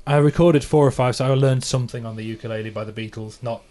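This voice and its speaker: The musician, a thirty-something Englishman, hosts his podcast in a fast, mellow, medium-pitched voice with fairly even intonation. He chats about his songs with plenty of laughter and self-mockery.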